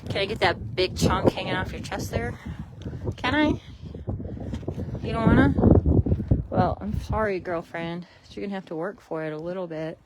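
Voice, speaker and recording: A woman training horses outdoors in a paddock. She coaxes them in soft, sweet baby talk and explains each step to her viewers. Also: medium pitch, steady tone, fairly quick, very noisy. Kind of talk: casual vlog while training horses.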